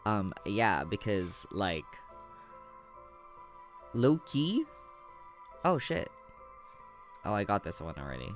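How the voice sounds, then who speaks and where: Animated man reacting on stream. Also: low voice, measured pace, soft background music. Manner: animated, exclamatory. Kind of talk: casual reaction commentary.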